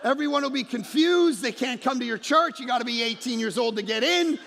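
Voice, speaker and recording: A man preaching a lively, joking sermon, telling stories and shouting punchlines. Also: very high voice, a little fast, gravelly, a little hiss or hum. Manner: animated storytelling, shouts punchlines, mocks accents softly. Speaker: pastor. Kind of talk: energetic comedic sermon. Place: large church auditorium. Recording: long hall reverb.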